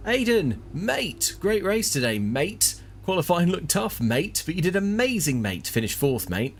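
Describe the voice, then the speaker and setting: A man's voice: high voice, sing-song, unhurried, husky, pitched above the performer's own voice, exaggerated voice. A man voicing a chummy, overfamiliar male former team liaison who tacks "mate" onto every phrase, reading his email aloud for laughs.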